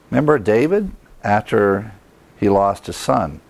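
A man preaching a sermon as a pastor, with a mid-range voice that climbs higher when he presses a point. His delivery is emphatic and earnest, and he breaks into short chuckles along the way. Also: unhurried.

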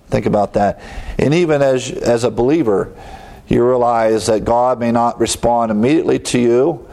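A man's voice: medium pitch, darkish tone. A man preaching a Bible teaching sermon, explaining scripture in a conversational way with fillers and asides.

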